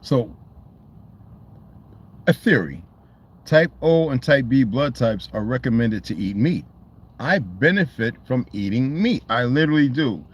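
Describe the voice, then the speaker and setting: A man's voice: medium pitch, big pitch swings, a little slow, pauses often, husky, dull audio. A man talking in a loose, rambling monologue, swearing freely and restarting his sentences. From United States. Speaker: channel host.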